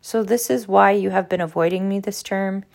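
A woman reading aloud as a cold, stern male professor, clipped and low. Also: fairly even intonation, moderate pace, vocal fry, darkish tone, close to an everyday voice.

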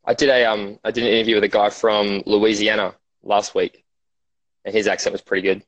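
A man's voice: lowish voice, little pitch movement, a little fast, fairly bright tone, dry recording. An Australian man joining a casual chat as a guest, easygoing and chatty, calling in on his phone. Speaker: podcast guest. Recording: dry, dull phone audio.

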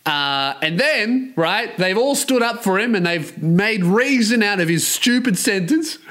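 High-voiced man ranting profanely. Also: a little slow. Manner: profane, mocking, animated, rambling. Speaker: podcast host. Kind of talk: solo podcast rant.

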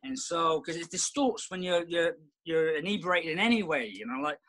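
A man's voice: on the high side, moderate pace, fairly bright tone, rough recording. A middle-aged man talking as a podcast guest in a rambling, reflective way, with many restarts. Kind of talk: casual conversation.

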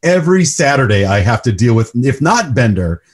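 A man hosting a podcast, talking through a film in an emphatic, animated way. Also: medium pitch, normal speed. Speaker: podcast host. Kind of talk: casual movie discussion.

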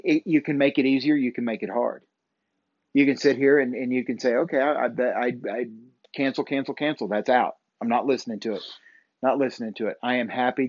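A man of middle pitch talks through a motivational faith pep talk, earnest and repetitive, stumbling over fillers as he goes. The recording is dry and a little dull, like a low-fi home podcast mic. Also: no room sound. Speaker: podcast host.

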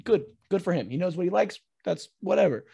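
A man co-hosting a podcast in casual chat, excitable and swearing often, acting out quotes in big voices. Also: high-pitched, fairly quick, gravelly, slightly rough, no echo. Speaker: podcast co-host.

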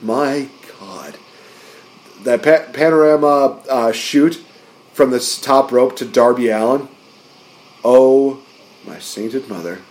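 A man's voice: mid-range voice, a little mellow. A man co-hosting a podcast, chatting casually through a wrestling recap and acting out quotes in raised voices. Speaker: podcast co-host.

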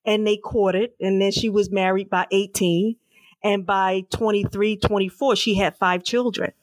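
Middle-aged woman, author guest, earnest emphatic storyteller, medium pitch, dry sound. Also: fairly even intonation, no echo. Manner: earnest, slow and emphatic, with repeated words. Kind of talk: personal storytelling in an interview.

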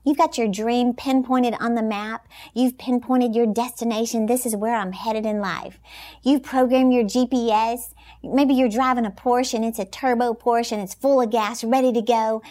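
A woman with a high, bright-toned voice gives an inspirational talk as a Christian motivational speaker. She talks in an emphatic, animated way, often breaking into laughter. Her delivery stays lively and encouraging. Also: moderate pace.

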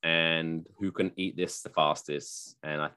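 A man's voice: extremely low pitch, measured pace, clean tone. A man co-hosting a podcast in casual chat, joking around and slipping into silly voices. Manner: jokey, animated, slips into silly voices. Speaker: podcast co-host.

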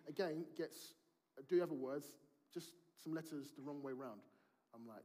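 A man's voice: mid-range voice, moderate pace, dark tone. A man, preaching a sermon in a conversational storytelling way and acting out family dialogue.

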